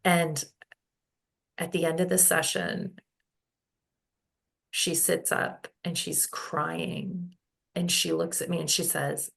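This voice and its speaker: A woman talks through a personal story at a slow, measured pace. Her fairly low voice has a gravelly edge. She pauses, restarts and fills gaps with "um" as she goes. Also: steady tone, fairly bright tone. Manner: unhurried, halting storyteller with many fillers and restarts. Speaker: guest, holistic healing practitioner. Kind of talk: casual podcast conversation, storytelling.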